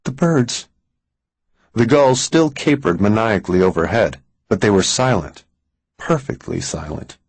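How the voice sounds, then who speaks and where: A man reading a thriller audiobook in an even, deliberate scripted narration. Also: on the low side, no room sound, rough recording.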